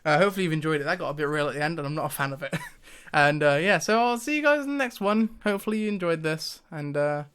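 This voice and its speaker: A man in casual to-camera commentary, thinking aloud and hesitating often, breaking into short laughs. His voice sits a little high for a man and sounds smooth and clear. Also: animated, fast, hardly any pauses, fairly bright tone. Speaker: YouTuber.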